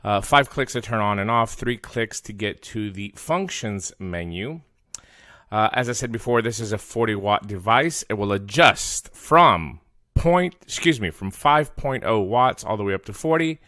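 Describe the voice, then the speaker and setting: A man from the United States talks through a small device in a casual video review. His voice sits low. He is chatty and pokes fun at himself. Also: moderate pace, bright, forceful tone. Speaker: product reviewer.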